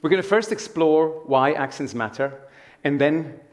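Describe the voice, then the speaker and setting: A man giving a keynote speech, engaging the audience with rhetorical questions and pausing often on drawn-out fillers. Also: fairly high pitch, expressive. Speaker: keynote speaker.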